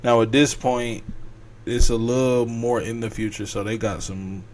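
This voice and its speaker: A man's voice: mid-range voice, little pitch movement, darkish tone, a little hiss or hum. Rambling man telling a story. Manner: rambling, acts out characters' lines in quick voices. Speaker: podcast host. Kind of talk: casual storytelling.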